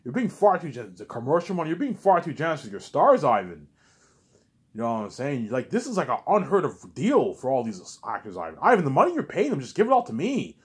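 A man's voice: on the high side, wildly swooping pitch, quick pace, husky, voice pushed up, exaggerated voice. A man voicing a pushy, exasperated male film director who nags and keeps repeating the listener's name.

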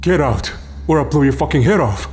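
A man voicing a hostile old male motel owner who shouts and spits with rage. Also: fairly low pitch, animated, fairly quick, lightly acted. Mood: furious shouting.

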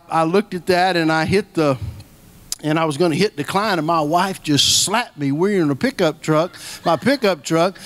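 A middle-aged man preaching a sermon, telling stories in a folksy way and repeating key phrases for emphasis. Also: a little high. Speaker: guest preacher.

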